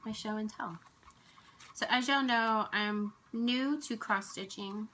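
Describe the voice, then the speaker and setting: A woman vlogger, tearful and emotional, speaking softly and haltingly in casual chat at home. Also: medium pitch, a little hiss or hum, rough recording. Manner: soft-spoken, halting, with restarts and sighs.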